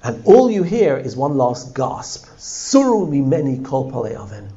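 Animated man teaching a text class. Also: mid-range voice, unhurried, muffled recording. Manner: animated, often asks the class questions. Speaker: Torah teacher.

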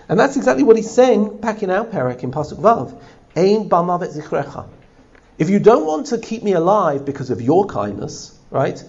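Animated man teaching from a text. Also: high voice, moderate pace, muffled recording. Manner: animated, translating line by line with frequent "right?". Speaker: Torah teacher. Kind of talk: text-study class.

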